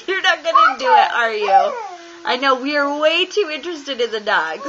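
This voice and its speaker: A woman's voice: very high-pitched, sing-song, measured pace, sharp tone, slight background noise. A woman talking baby talk to her little one at home, coaxing in a sing-song way and often laughing, recorded on a home camera. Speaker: parent filming her baby. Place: home, indoors. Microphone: handheld camera. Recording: dull lo-fi home camcorder audio.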